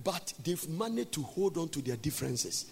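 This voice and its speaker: Impassioned preacher with a gravelly voice. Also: male voice, on the high side, big pitch swings, moderate pace, slight background noise. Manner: impassioned, sing-song preaching with sudden shouts. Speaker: pastor. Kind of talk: sermon. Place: large church. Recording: long church reverb.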